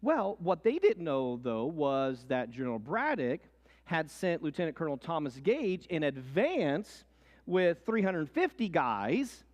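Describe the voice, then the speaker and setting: A man teaching a history lesson as a lively story, swinging between hushed and excited delivery. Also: a little high, unhurried. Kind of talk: animated history lesson with acted quotes. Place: church hall. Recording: long hall reverb.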